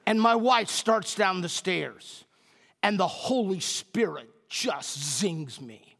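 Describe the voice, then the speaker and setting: High-voiced, slow-preaching man. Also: animated, creaky, fairly bright tone, big-room sound. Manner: storytelling, emphatic repetition. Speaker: pastor. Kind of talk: sermon.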